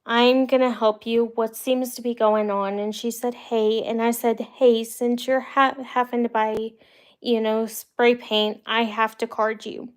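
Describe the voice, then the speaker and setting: A woman's voice: fairly high pitch, little pitch movement, a little slow, clear, resonant tone. Chatty young woman rambling through stories. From United States. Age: young adult. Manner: rambling, chatty, laughs while telling stories. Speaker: livestream host. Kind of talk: casual storytelling to live viewers.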